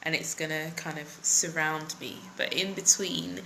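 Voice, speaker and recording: A woman's voice: low voice, fairly even intonation, moderate pace, creaky, hardly any pauses, very noisy. A middle-aged woman hosting a casual live stream from her phone, chatting with viewers and greeting them by name between thoughts, with many ums.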